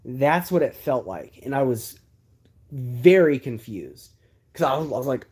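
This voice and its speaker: A man in his thirties hosting a livestream, telling a story in a loose, rambling way. He keeps breaking off into side remarks and fillers before getting back on track. His voice sits at an ordinary middle pitch. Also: brisk, breathy edge. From Texas. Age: 30s. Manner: animated, rambling storyteller with many asides and fillers. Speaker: livestream host.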